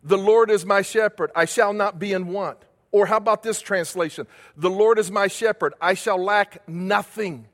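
A man's voice: high-pitched, normal speed, a bit bright, long reverb tail. A male pastor delivering a sermon, building emphasis with repeated phrases and questions to the congregation.

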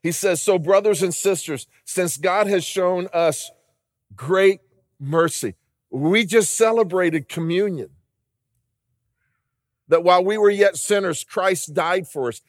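A man's voice: high voice, takes it slowly, long pauses, no room sound, clean studio sound. A man preaching a sermon as pastor, earnest and building to emphatic declarations.

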